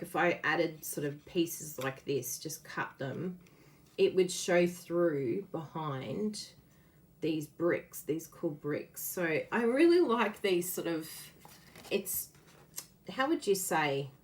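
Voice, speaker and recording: A woman hosting a casual card-making demo, chatty and quick to laugh as she works. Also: low-pitched. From Australia. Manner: chatty, laughs often, explains while working. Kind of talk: casual live craft demo.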